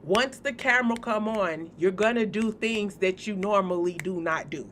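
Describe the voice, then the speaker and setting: A woman's voice: medium pitch, normal speed, a bit bright, a little hiss or hum. A woman hosting a spiritual channel, talking casually and bluntly to her viewers, joking and cursing freely. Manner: blunt, profane, joking, speaks straight to viewers.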